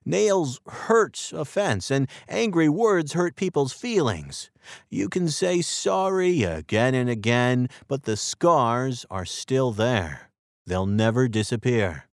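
A man voicing a patient, wise father who speaks slowly and calmly, in a textbook story reading. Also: mid-range voice, no room sound, clean studio sound. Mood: gentle, wise. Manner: slow, calm and instructive. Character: patient, wise father teaching his son.

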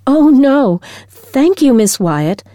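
A woman reading a storybook aloud, voicing a cheerful, eager young music teacher in a bright, excited manner. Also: sits high, takes it slowly, no echo, studio quality, pitched above the performer's own voice, full character voice. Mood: flustered.

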